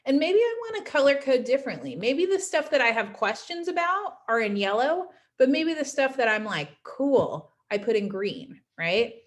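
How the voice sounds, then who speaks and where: A woman's voice: high-pitched, sing-song, normal speed, hardly any pauses. A woman teaching a class in a casual recorded lecture, chatty and often adding "right?" to check in with her students. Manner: chatty, frequent "right?" tags.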